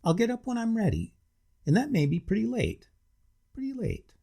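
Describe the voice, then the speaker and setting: Man doing a pompous gentleman, tipsy, overly civil, gravelly, husky. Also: fairly high pitch, huge pitch swings, moderate pace, pitched above the performer's own voice, heavily acted. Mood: drowsy contentment. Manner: overly civil, ponderous, slightly drunk. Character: tipsy pompous middle-aged gentleman hotel guest.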